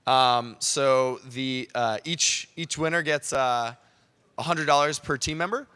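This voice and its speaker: A man's voice: medium pitch, unhurried, pushed and bright, smooth. A man announcing sponsor prizes to a crowd, hesitant and full of fillers. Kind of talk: speech to a crowd.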